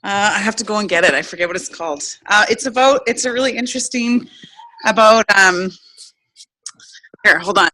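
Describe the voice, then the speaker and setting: Bright-voiced woman sharing openly. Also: medium pitch, fairly quick, long pauses, low-quality recording. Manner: open, rambling, self-searching. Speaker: group member. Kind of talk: casual group chat.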